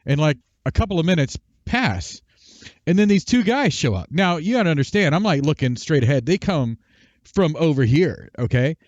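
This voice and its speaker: A man's voice: a little high, very animated, moderate pace, no room sound. Rambling male streamer, dry dull mic. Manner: rambling storyteller, restarts and asides; talks quietly at times for housemates. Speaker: streamer and show host. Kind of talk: casual livestream chat.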